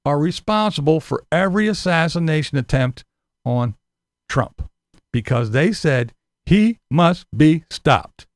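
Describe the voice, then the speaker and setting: Combative male vlogger, high lively voice, dry close sound, foul-mouthed. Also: no room sound. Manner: profane, sarcastic, combative. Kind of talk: ranting monologue to camera.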